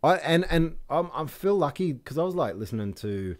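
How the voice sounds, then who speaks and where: A man's voice: on the high side, big pitch swings, moderate pace, darkish tone. A man chatting casually as a podcast guest, tipsy and slurring a little, rambling, swearing and losing his thread. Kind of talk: drunk casual chat.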